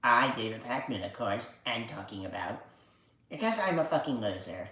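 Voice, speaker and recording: A man putting on a crude, halting, mocking impression of a male political commentator who sneers at himself. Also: medium pitch, lively intonation, bright, forceful tone. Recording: very echoey room.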